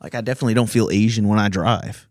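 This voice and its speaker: A man's voice: fairly low pitch, steady tone, quick pace, a little mellow, no echo, clean studio sound. A man from Virginia, a comedian hosting a podcast, telling rambling, profane stories in casual chat and laughing often.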